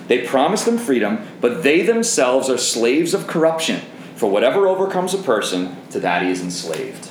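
Man preaching, really animated pitch, keeps repeating his point, echoey church room with faint background hum. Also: normal speed. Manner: emphatic, repeats key phrases, addresses the congregation directly. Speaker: pastor. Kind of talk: sermon.

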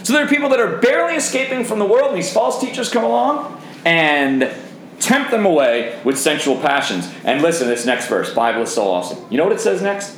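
Emphatic preacher with a lively voice. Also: male voice, high-pitched, a little fast, reverberant, low-quality recording. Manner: emphatic, repeats key phrases, addresses the congregation directly. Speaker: pastor. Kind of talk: sermon.

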